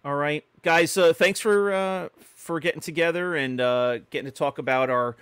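A man's voice: a little high, normal speed, a bit bright, clear, resonant tone, no echo. A middle-aged man co-hosting a podcast, telling stories in a chatty way with many fillers and restarts. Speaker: podcast co-host. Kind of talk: casual podcast chat.

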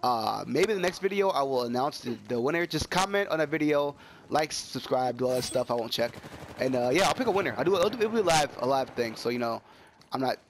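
Young dude with a cold gaming, voice jumps all over, loud gunfire behind. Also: male voice, medium pitch, noisy background. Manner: excitable, yelps and trails into chatty stories. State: sick with a cold, coughing. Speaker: gaming YouTuber. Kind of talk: casual gameplay commentary. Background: game gunfire.

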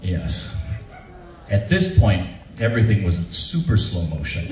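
A man's voice: a little slow, a crowd in the background. A man, an actor, telling a comic convention story live on stage and acting out the people in it. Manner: animated, acts out quoted voices with big pitch jumps. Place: large room with a live audience, from far off. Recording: echoey room, distant mic, faint ambience.

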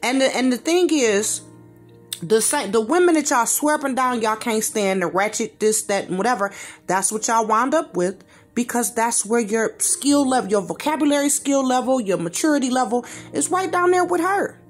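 A woman's voice: fairly high pitch, lively intonation, moderate pace, soft background music. A woman giving a blunt reaction rant in slangy, informal speech, repeating phrases for emphasis. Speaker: commentator reacting to a video.

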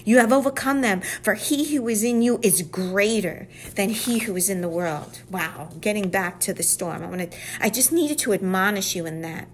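A woman's voice: mid-range voice, moderate pace, few pauses, a little hiss or hum. Earnest woman teaching the Bible. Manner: earnest, drops to whispers for emphasis. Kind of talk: devotional teaching.

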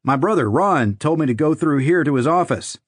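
A man's voice: a little high, animated, normal speed, dry recording, voice pushed up. A naive sixteen-year-old boy answers hesitantly and politely in a raised voice, as a man narrator puts him on. The recording is dry and close. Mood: unsure.

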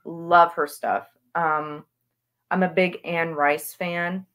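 Gushing woman with a low voice. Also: fairly even intonation, takes it slowly, fairly bright tone. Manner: gushing, enthusiastic. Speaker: author guest. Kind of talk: casual interview chat.

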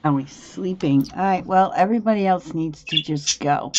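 A woman's voice: on the low side, normal speed, muffled recording. A woman giving casual gameplay commentary, thinking aloud about her choices as she plays. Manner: relaxed, thinks aloud while playing. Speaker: gameplay video host. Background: faint game music.

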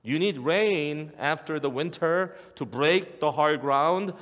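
A man's voice: fairly high pitch, slow pace, a bit bright. Emphatic male pastor in echoing church. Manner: emphatic, repeats key phrases. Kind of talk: sermon. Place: church sanctuary. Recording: long church hall reverb.

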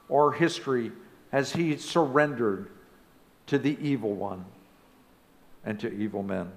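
A man preaching a sermon as pastor of a church. He speaks emphatically and rises now and then to loud exclamations. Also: mid-range voice, unhurried, pauses often. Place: church sanctuary.

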